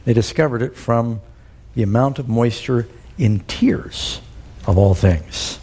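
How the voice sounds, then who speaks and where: A man's voice: mid-range voice, slow, dark tone, husky. A man preaching a sermon, telling a story and putting questions to the congregation. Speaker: pastor.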